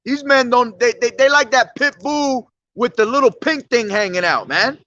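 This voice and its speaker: A man's voice: extremely high pitch, moderate pace, pushed and bright, muffled recording. A man preaching on the street in a blunt, profane, confrontational way.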